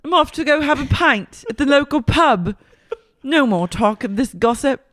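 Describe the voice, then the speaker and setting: A woman's voice: high-pitched, expressive, drawn-out words, sharp tone, voice pushed up, heavily acted. A woman doing a comedic impression of a prim, dismissive woman with a posh British accent. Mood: mock-proper. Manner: clipped, mock-proper.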